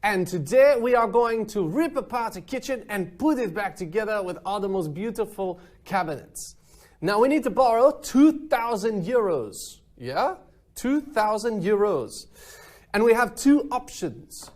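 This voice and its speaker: A man's voice: high voice, lively intonation, unhurried, a little mellow, voice pushed up. A man playing a theatrical French home-renovation host in an exaggerated mock French accent. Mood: playful. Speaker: teacher.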